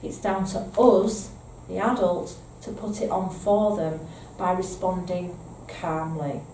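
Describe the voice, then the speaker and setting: A woman's voice: lowish voice, fairly even intonation, slow pace, warm tone, slight background noise. A woman with a Northern English accent giving a training presentation to foster carers, explaining points patiently and checking in with "okay?". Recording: echoey room, mic at a distance, faint ambience.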